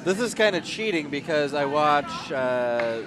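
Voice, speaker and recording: A wisecracking male commentator. His voice sits a bit high and moves around a lot. Steady background noise surrounds him. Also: unhurried. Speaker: curling commentator. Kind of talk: livestream commentary. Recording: noisy background.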